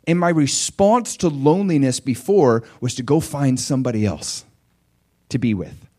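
A man preaching a sermon as a personal story, conversational with fillers and questions to the listeners, swinging from hushed tones to loud shouts. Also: on the high side, animated, normal speed. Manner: emotional storytelling with big swings from quiet to shouting.

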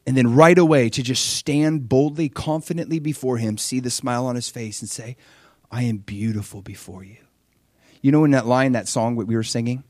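Animated preacher man, dry sound. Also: normal speed, dry recording. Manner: animated, acts out voices with high-pitched exclamations. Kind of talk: sermon.

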